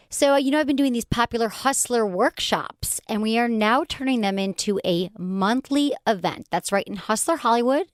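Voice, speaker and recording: A woman's voice: on the high side, dry recording, clean studio sound. A middle-aged woman hosting a podcast, chatting in an upbeat, rambling way. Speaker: podcast host. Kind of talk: casual chat.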